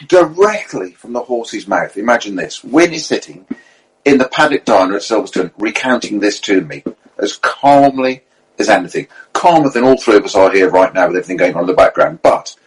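A man telling motorsport anecdotes in casual, animated chat, full of fillers and asides. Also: lowish voice, breathy edge, rough recording. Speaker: motorsport storyteller on a panel. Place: at a racing circuit event.

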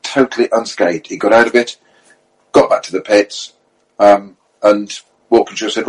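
Husky-voiced man telling racing stories. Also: on the low side, normal speed, low-quality recording. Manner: animated storyteller, many fillers and asides. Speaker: motorsport storyteller on a panel. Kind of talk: casual anecdotal chat. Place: at a racing circuit event.

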